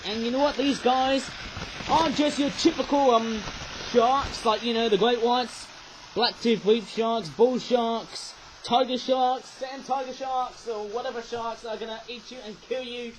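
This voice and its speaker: A man with a strikingly high voice rambles through a casual toy review, often ending his sentences with a questioning "eh?". He raises his voice to carry over a rattling toy train, and a faint hum of noise sits behind him. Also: moderate pace. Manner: rambling, chatty, tags lines with "eh?". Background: toy train running.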